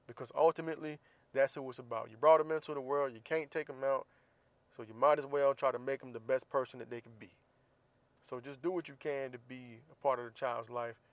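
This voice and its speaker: A man's voice: mid-range voice, no echo. Laid-back man telling stories. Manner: laid-back, teasing, profane. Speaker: vlogger. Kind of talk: casual storytelling monologue.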